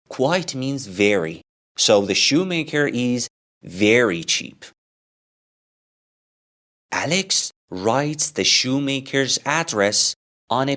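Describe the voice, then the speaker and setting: A man's voice: mid-range voice, bright, forceful tone. A man telling a simple story as an English lesson, asking questions about it and answering them himself. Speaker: English teacher.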